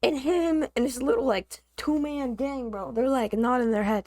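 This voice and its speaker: A woman vlogger telling a story in a slangy, joking, animated way. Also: sits high, moderate pace, few pauses, no room sound. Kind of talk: casual storytime.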